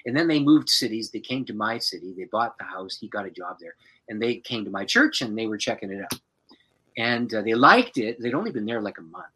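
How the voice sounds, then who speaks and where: A man's voice: lowish voice, brisk, breathy edge, low-quality recording. A man, a pastor and author, tells a personal story as a podcast guest, breaking into laughter as he goes. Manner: lively, laughs through his story.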